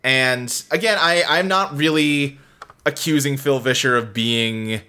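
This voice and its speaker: Male podcast host, bright tone, animated, restless casual delivery. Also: mid-range voice, a little slow. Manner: animated, filler-heavy, frequent restarts.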